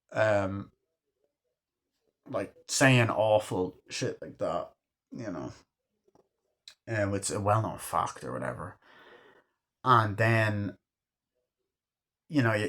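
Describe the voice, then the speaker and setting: A man's voice: on the low side, a bit bright. A man reviewing a movie in a casual, rambling way, swearing often and leaning on fillers. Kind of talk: casual chat.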